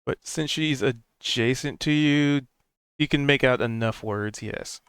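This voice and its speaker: Male game master with a smooth voice. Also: medium pitch, unhurried, dry recording. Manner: relaxed, explains rules with hesitant fillers. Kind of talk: running a tabletop game, casual.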